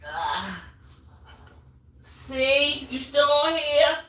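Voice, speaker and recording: Unhurried chatty woman reading tarot. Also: high-pitched, sing-song, fairly bright tone. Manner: chatty, addresses viewers directly, digresses while searching for things. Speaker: tarot reader. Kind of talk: live tarot reading stream.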